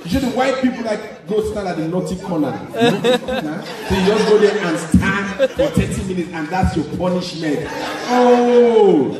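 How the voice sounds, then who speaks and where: A man from Nigeria with a Nigerian accent, performing a stand-up comedy set and mimicking parents and children in squeaky voices. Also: expressive, moderate pace. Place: large theater stage. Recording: echoey live hall from a distance, loud crowd laughter.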